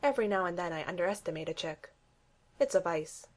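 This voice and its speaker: A woman's voice: fairly low pitch, animated, quick pace, close to an everyday voice. A woman reading the part of a smug, leering male mercenary leader in a storybook.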